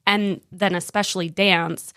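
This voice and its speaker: A woman hosting a podcast in casual chat, agreeable and quick to laugh. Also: mid-range voice, flat delivery, fairly bright tone, smooth, no echo, studio quality.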